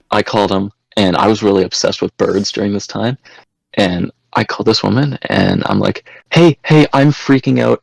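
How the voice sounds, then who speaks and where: A young man with a low, gravelly voice tells prank-call stories on a podcast, crude and loose. The sound is dry and close, with no room around it. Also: no echo, rough recording. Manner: storytelling, crude jokes, acts out voices. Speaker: podcast guest. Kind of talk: casual chat.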